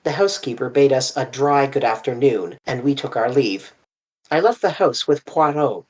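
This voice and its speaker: An audiobook reader telling a classic mystery in first person with an animated, expressive delivery. The pitch moves widely while the level stays mid-range. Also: moderate pace. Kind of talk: scripted audiobook narration.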